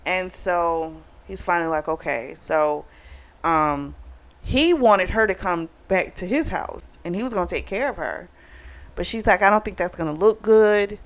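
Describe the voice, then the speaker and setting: A woman's voice: fairly low pitch, a little slow. A woman casually retelling a book's plot for a review, acting out the characters' lines in quotes as she goes. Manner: chatty storytelling, retells dialogue in quotes. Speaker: book club vlogger. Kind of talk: casual book review recap.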